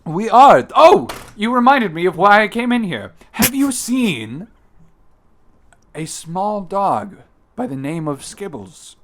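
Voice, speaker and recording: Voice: mid-range voice, sing-song, slow, fairly bright tone. An improv actor in a comedy scene, playful and prone to dramatic overreactions. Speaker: podcast co-host, actor. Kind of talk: improvised comedy role-play.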